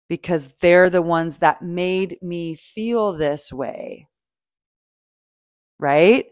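Lively low-voiced woman podcaster. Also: no echo, studio quality. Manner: animated, swearing, playful, acts out quoted feelings. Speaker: podcast host. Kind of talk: casual motivational monologue.

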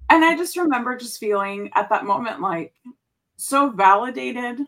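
A woman's voice: on the high side, lively intonation, moderate pace, a bit bright, poor audio. A woman guest in a casual podcast interview, telling a personal story earnestly with frequent restarts and repeated words.

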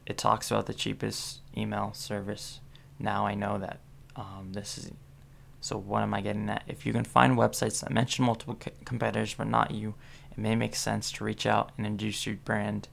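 A young man with a heavily gravelly, fried voice and a flat, low delivery. He reads aloud and skims, muttering asides between lines. He sounds sleepy and worn out, with a faint hiss of background noise. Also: moderate pace. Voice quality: gravelly fry. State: sleepy, yawning. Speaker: solo vlogger reading about link building. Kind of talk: casual read-aloud commentary.

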